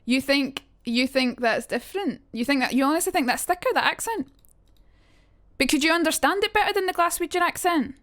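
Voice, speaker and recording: A woman's voice: high-pitched, fairly quick, a bit bright, no echo, clean studio sound. A young woman chatting casually on a live stream, rambling and cutting herself off. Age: young adult. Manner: chatty, rambling, self-interrupting.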